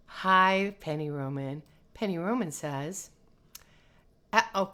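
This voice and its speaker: During her casual livestreamed lesson, a North American woman voice coach reads viewer comments with an animated, lilting delivery. Her voice is low, and she speaks slowly with frequent pauses.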